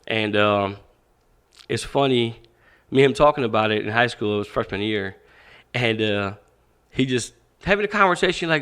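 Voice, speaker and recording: A man with a smooth, medium-pitched voice talks at a normal speed with long pauses. He's a boxing coach guesting on a podcast, telling stories in a casual, profane, animated way and acting out the dialogue he quotes during the interview.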